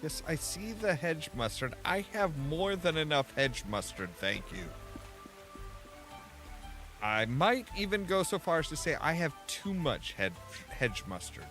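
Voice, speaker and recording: A man's voice: a little high, big pitch swings, measured pace, fairly bright tone. A man casually commenting on his own gameplay, thinking aloud, trailing off and restarting as he goes. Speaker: gameplay streamer. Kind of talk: casual let's-play commentary. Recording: faint game music behind.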